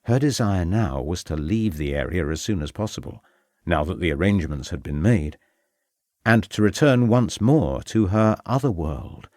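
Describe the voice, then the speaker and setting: Brief: measured, expressive man reading a crime novel, fairly low and very dry. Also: dry recording. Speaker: audiobook narrator. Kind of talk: scripted narration.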